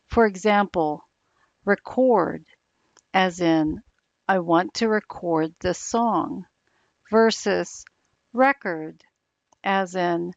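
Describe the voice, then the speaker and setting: A woman explaining English pronunciation slowly and deliberately, like a coach. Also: fairly low pitch, no echo. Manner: slow, deliberate, instructive. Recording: dull, lo-fi sound.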